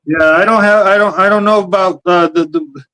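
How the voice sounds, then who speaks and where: Hesitant man with halting speech. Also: sits high, fairly even intonation, bright, forceful tone, poor audio. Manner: hesitant, halting with many fillers. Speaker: livestream guest. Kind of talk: casual chat.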